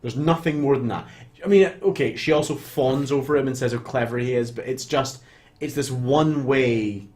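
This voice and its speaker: A man co-hosting a casual film chat, retelling scenes with animated storytelling and frequent swearing. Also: medium pitch, moderate pace. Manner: animated storytelling, swears freely, quotes characters in little voices. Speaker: podcast co-host.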